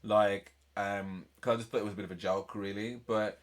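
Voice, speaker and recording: A man's voice: on the low side, steady tone, brisk. A man hosting a casual album reaction, talking in a chatty, rambling way and laughing often. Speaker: music reaction channel host.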